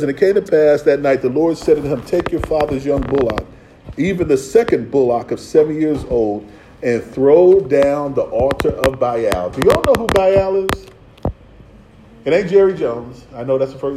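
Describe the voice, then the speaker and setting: A male pastor preaches in a loose, streetwise way, acting out voices and joking between verses. His voice is mellow and dark, and it rings in a roomy space with a faint hum behind it. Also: medium pitch. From Philadelphia. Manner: streetwise preaching with playful asides and acted-out voices. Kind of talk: sermon.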